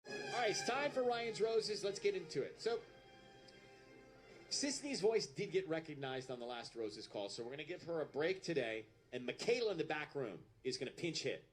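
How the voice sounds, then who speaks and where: A man's voice: a little high, sing-song, moderate pace, soft background music. A man hosting a radio call-in show, upbeat and bantering.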